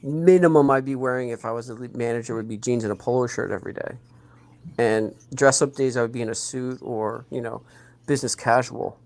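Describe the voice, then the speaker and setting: A man chatting on a podcast, with a rough, gravelly grain to his voice. He rambles through his stories, restarting sentences and circling back as he goes. It is easygoing, unscripted talk. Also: medium pitch, darkish tone. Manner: rambling, halting, with many restarts. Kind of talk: casual chat.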